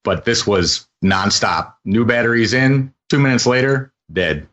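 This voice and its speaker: A man's voice: medium pitch, expressive, a little slow, fairly bright tone, lo-fi sound. A man co-hosting a radio talk show, chatting casually with short reactions. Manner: short reactions, easy laughs. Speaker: co-host.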